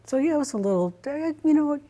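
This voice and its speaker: Animated woman acting out her story. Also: sits high, quick pace. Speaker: interview guest. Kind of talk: casual interview storytelling.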